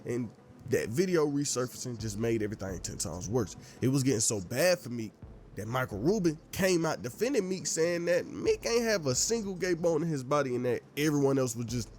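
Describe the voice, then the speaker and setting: A man's voice: mid-range voice, big pitch swings, a little fast, darkish tone, a little hiss or hum. A man narrating a commentary voice-over in a casual, slang-heavy way.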